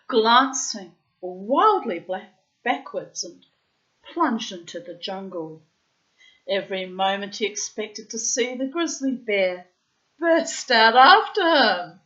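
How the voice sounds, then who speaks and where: A woman reading a storybook aloud at a very slow, deliberate pace. Her voice is bright and forceful, moving expressively up and down in pitch. The recording has a dull, muffled sound. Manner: slow, dramatic read-aloud with playful asides. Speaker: storybook reader. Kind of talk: storybook narration.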